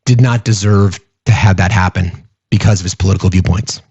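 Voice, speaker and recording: A man's voice: low-pitched, fairly even intonation, fairly quick, a little mellow, breathy edge, no room sound, lo-fi sound. A man hosting a political commentary show, speaking emphatically and repeating phrases for stress.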